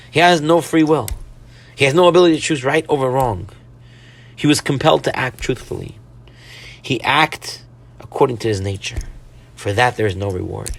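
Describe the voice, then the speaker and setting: A man's voice: medium pitch, creaky. A man, a rabbi, delivering a weekly Torah-portion sermon, earnest, with rhetorical questions and Hebrew religious terms.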